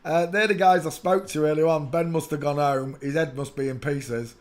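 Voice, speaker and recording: Excitable man mocking photos live. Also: normal speed. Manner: excitable, breaks into loud high laughter; mocking, talks to viewers by name. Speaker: livestream host. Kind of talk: casual running commentary on pictures.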